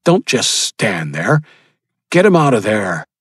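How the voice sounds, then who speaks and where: A man voicing a sadistic male cannibal gang leader who speaks with slow, gloating menace. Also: fairly low pitch, sing-song, breathy edge, no echo, studio quality, exaggerated voice. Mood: barking orders.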